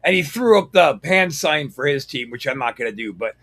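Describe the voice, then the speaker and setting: A man co-hosting a casual podcast chat, telling stories with animated energy and free swearing. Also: mid-range voice, a little fast. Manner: animated storyteller, swears freely. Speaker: podcast co-host.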